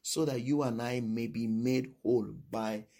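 A man's voice: medium pitch, fairly even intonation, unhurried, warm tone. A male preacher giving a sermon who repeats his points and keeps asking "all right?".

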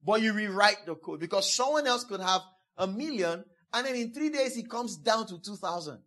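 A man's voice: high voice, expressive, moderate pace, bright, forceful tone. A man preaching a sermon as pastor, emphatic, repeating key phrases again and again, and acting out quoted speakers. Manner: acts out quoted speakers in a playful voice.

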